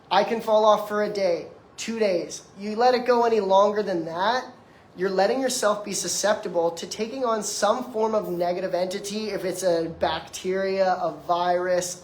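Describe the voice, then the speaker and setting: A man's voice: high-pitched, slight background noise. A man in his twenties giving an emphatic, conversational motivational lecture, speaking directly to the audience in front of him. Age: 20s. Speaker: detox practitioner giving a lecture. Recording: echoey room.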